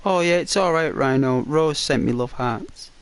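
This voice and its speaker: A man's voice: on the high side, moderate pace, clear, resonant tone, no echo. A man chatting casually and playfully with his live viewers as a game streamer, teasing them and rambling with lots of fillers.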